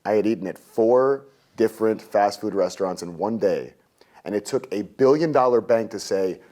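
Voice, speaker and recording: A man in his thirties, a guest telling a story in an interview, lively and jokey, acting out his own past rants. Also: on the low side, normal speed.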